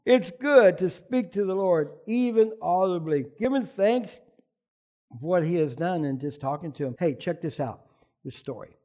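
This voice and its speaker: A man preaching a sermon as pastor, animated, often asking the congregation questions. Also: high-pitched, normal speed.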